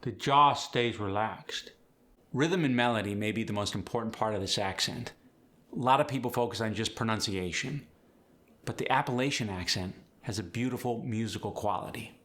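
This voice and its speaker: A man's voice: lowish voice, brisk, fairly bright tone. A man explaining and demonstrating accent features as a coach in a tutorial. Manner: clear, explanatory, demonstrates example words.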